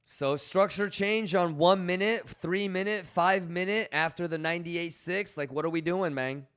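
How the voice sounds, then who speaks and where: A young man live-streaming in a loose, rambling way, chatting casually and shouting out viewers by name. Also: sits high, normal speed, smooth. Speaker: livestreamer.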